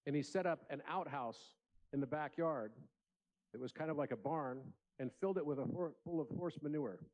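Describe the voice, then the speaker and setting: A man's voice: on the high side, a little fast, highs cut off. Man giving an earnest keynote speech. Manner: earnest, storytelling with acted voices. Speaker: conference speaker. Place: large conference room.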